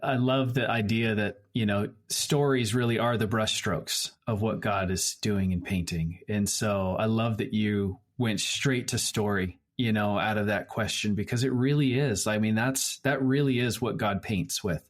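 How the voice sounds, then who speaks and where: A man hosting a faith podcast, reflecting warmly on a guest's story before moving to his closing question. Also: fairly low pitch, fairly even intonation, normal speed, hardly any pauses. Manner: reflective, affirming. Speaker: podcast host. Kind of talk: casual interview chat.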